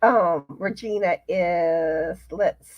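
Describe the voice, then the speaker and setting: A woman hosting a casual live chat, reading viewer comments aloud in an unhurried way. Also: fairly low pitch, no echo. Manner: chatty, unhurried, pauses to read comments. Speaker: livestream host. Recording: slightly muffled, dry sound.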